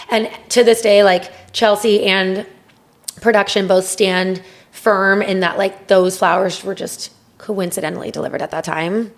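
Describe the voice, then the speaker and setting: A woman's voice: medium pitch, measured pace, vocal fry. Chatty, profane young woman gossiping. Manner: profane, animated gossip with acted quotes. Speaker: podcast co-host. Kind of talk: casual chat.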